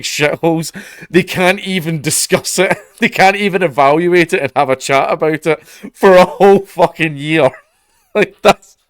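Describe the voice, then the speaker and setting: A man's voice: on the high side, no echo. Scottish guy ranting sarcastically about the news, swears a lot, dry close sound. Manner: sarcastic, profane, laughing asides. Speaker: commentator.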